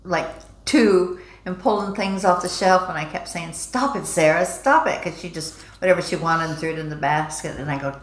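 An older woman co-hosting a casual chat, adding lively asides and little anecdotes. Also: fairly low pitch, moderate pace. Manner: lively chatty interjections and anecdotes. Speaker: co-host. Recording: roomy echo.

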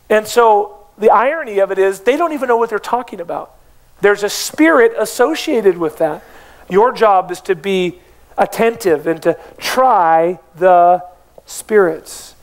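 High-voiced preaching man. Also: normal speed. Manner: emphatic preaching with repeated rhetorical questions to the congregation. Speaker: pastor. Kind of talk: sermon. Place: church.

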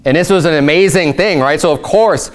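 A man's voice: fairly high pitch, fairly quick. Conversational male pastor preaching. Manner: conversational, animated storytelling. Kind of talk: sermon.

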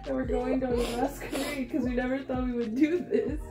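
A woman's voice: sits high, little pitch movement, brisk, loud music behind the voice. A young woman teasing her friends in casual chat, often laughing. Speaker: cosplayer friend.

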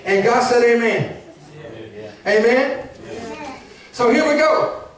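A man preaching a lively sermon as pastor, shouting, laughing and calling out to the congregation. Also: very high voice, slow. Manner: preaching with call-and-response asides. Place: church sanctuary. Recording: very echoey church hall, mic at a distance.

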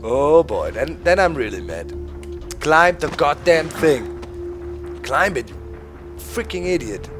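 A man whose first language is German rants through his gameplay, swearing and snapping at the game. His pitch swings widely from low mutters to sharp yelps, and his pace is slow and drawn out. Game music plays faintly behind him. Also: sing-song. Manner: swearing, frustrated outbursts at the game. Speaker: gaming video host. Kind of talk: live gameplay commentary.

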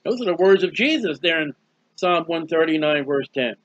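In a muffled, lo-fi recording that is dry and dull with no echo, a man preaches a Bible teaching sermon. His high voice has a fairly bright tone and moves a little fast, folksy and emphatic as he asks questions and answers them himself.

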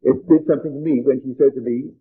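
An older man giving an earnest spiritual lecture, telling stories in a measured way, on an old archival tape. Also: medium pitch, steady tone, breathy edge, phone-quality sound.

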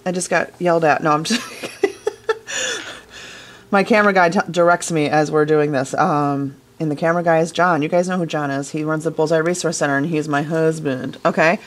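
A woman's voice: sits low, steady tone, fairly quick. Chatty woman teaching a craft. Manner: chatty, enthusiastic, addresses viewers directly. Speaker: glass fusing instructor. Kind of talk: casual hands-on tutorial. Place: glass art studio workshop.

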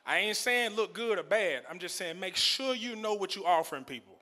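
A man doing stand-up in a comedy club, his voice pitched high for a man and sounding bright and forward. He talks loosely to the crowd on a handheld mic and laughs through his own punchlines. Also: animated, brisk. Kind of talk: stand-up set.

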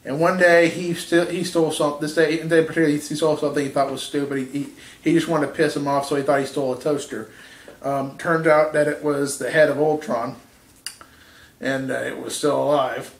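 A man spins a rambling, profane story in casual chat and chuckles at his own jokes. His voice sits a little high and rings in an echoey room. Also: level tone, brisk. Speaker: podcast co-host.

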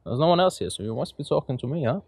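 A man's voice: medium pitch, big pitch swings, rapid-fire, creaky, a little mellow, husky, no room sound, exaggerated voice. A man doing an impression of a confrontational male movie gangster, in a playful, mock-menacing way.

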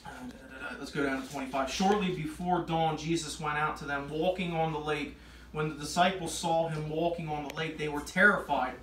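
Man preaching, high and roomy. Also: brisk. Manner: reads scripture aloud, then grows emphatic and animated. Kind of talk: informal Bible study preaching. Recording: echoey room, voice from far off, faint noise.

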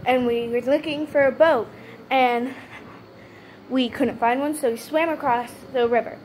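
A young woman with a high voice tells a story to the camera in loose, casual chat. She stutters and restarts often, filling gaps with "um" and "like". A faint hiss of room noise sits behind her. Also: fairly even intonation, unhurried, darkish tone. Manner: stutters, many fillers and restarts. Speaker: vlogger.

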